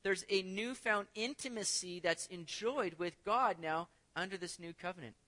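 A man's voice: sits high, moderate pace, sharp tone. A man preaching a sermon, reading scripture aloud and asking the congregation rhetorical questions. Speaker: pastor.

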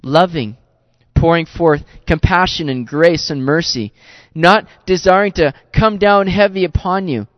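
Chatty, earnest preacher, slightly high voice. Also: male voice, a little slow, no echo. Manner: chatty and earnest, with frequent repeated words and asides. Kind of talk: conversational sermon. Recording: dull lo-fi recording, dry.

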